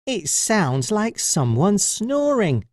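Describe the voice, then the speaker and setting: A man voicing a tiny, bold and stubborn male mouse in a squeaky voice. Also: big pitch swings, slow, darkish tone, no echo, clean studio sound, full character voice. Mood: puzzled.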